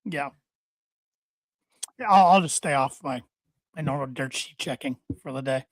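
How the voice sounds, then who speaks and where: A man co-hosting a casual wrestling podcast, talking in a halting way and often repeating his words. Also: medium pitch, no room sound, clean studio sound. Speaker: podcast co-host.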